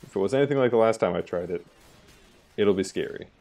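A man giving live gameplay commentary, excitable and quick to exclaim and laugh. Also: fairly low pitch. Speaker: gaming channel host.

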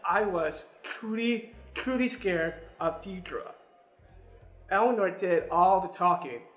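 A man's voice: high-pitched, slow. A young adult man telling a personal story straight to his listeners, earnest and repeating words as he goes. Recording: roomy sound with faint music.

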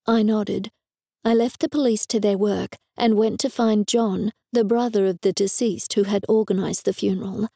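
A woman narrating a first-person audiobook in a wry, even storytelling manner on a close studio mic. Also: medium pitch, moderate pace, creaky, no room sound.

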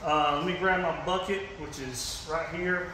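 An unhurried Georgia man with a Southern accent, this fishing channel host demonstrates a hands-on repair in a relaxed how-to. His fairly high voice is pushed and bright with fairly even intonation, and faint background noise can be heard. He's folksy, says "y'all" often, and uses many fillers and restarts.

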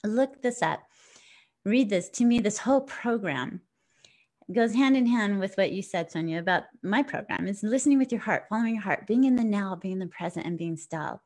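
A woman's voice: mid-range voice, expressive, moderate pace. A middle-aged woman hosting an inspirational talk show, speaking in an affirming, encouraging way to her listeners. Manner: affirming and encouraging, warm-hearted sign-offs. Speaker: podcast host. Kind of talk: upbeat inspirational chat.

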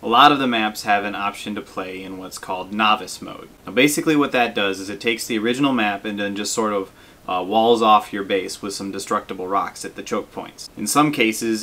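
A man's voice: lowish voice, a little fast. A young man giving casual, self-deprecating commentary over gameplay as a gaming video host. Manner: relaxed, self-deprecating, frequent fillers.

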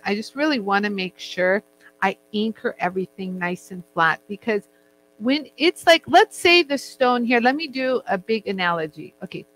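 Chatty lady showing a jewelry craft, kinda high voice, faint hum in the background. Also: fairly bright tone, poor audio. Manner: chatty, jokey, laughs often. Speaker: jewelry-making instructor. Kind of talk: casual demo chat.

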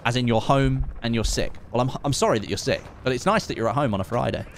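A man's voice: medium pitch, quick pace, slight background noise. Upbeat gaming streamer man. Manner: upbeat, thanks donors warmly, laughs often. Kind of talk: live-streamed gameplay chat.

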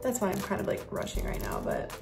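A woman rambling through a casual haul vlog, saying \"like\" at every turn. She sounds worn out but keeps chatting. Her voice sits in an ordinary middle pitch, and loud music plays underneath. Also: wildly swooping pitch, quick pace, vocal fry. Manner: chatty, filler-heavy, \"like\" constantly. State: tired. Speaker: haul vlogger and mother. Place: at home.

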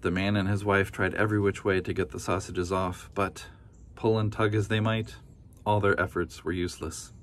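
A man's voice: low voice, flat delivery, normal speed, slight background noise. A man reading a children's story aloud as storyteller, adding casual asides.

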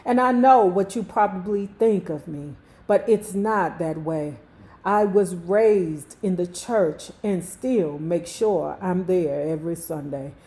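In a lowish, mellow voice, a woman in her fifties from Washington, D.C. hosts a book club with a thick D.C. accent. Her slow, drawling reading keeps breaking off into chatty, joking asides.

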